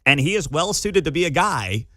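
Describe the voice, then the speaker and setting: Opinionated morning radio host, animated delivery, close dry booth sound. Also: male voice, on the high side, dry recording. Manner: animated, opinionated, quick laughs. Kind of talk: morning talk radio commentary. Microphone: studio microphone.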